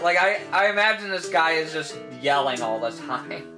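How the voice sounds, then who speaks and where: Woman let's-play host, casual and rambling, animated voice. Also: sits low, normal speed, poor audio. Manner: amused, rambling. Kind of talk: casual gameplay commentary. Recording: game music underneath. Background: game music.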